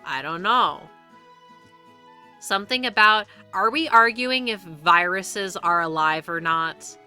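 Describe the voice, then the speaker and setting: A woman's voice: on the low side, slow pace, bright, forceful tone, clear, resonant tone, faint music behind. A young woman streaming live, chatting casually and rambling with frequent restarts and free swearing.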